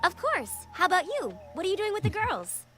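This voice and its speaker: A cheerful young cartoon unicorn, pitched high with a crisp, bright edge. Her tone is friendly and brisk, with faint show music in the background. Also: huge pitch swings, exaggerated voice. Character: studious, friendly young female unicorn pony. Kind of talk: cartoon voice acting.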